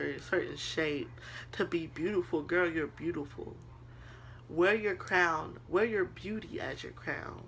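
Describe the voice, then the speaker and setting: A young woman talks straight to her viewers like a big sister, earnest and a little preachy, calling them girl and honey. Her voice is bright with a gravelly edge. Faint noise hums behind her. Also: on the low side. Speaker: vlogger. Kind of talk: casual motivational talk to camera.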